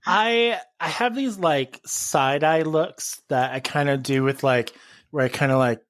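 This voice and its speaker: A man's voice: a little high, measured pace, fairly bright tone, no echo, clean studio sound. A man talking as a podcast guest in casual chat, laughing often as he tells stories. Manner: giggly, chatty, storytelling. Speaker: interview guest.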